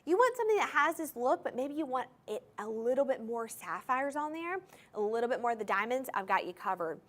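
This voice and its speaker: This shopping channel host's voice is fairly high, a bit bright, animated, and slightly fast as she pitches jewelry live from a TV studio. Gushing and eager, she talks directly to the audience and keeps repeating item numbers and important phrases.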